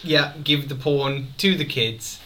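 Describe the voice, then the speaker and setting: A man's voice: medium pitch, slow pace, fairly bright tone, slight background noise. A man voicing an illiterate disgraced monk prisoner, rambling cheerfully through his confession.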